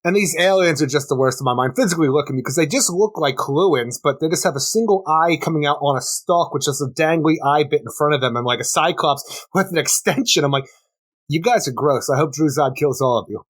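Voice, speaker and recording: A man's voice: a little high, fast talker, hardly any pauses. A man co-hosting a casual comic book podcast, wry and ranting about plot details. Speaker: podcast co-host.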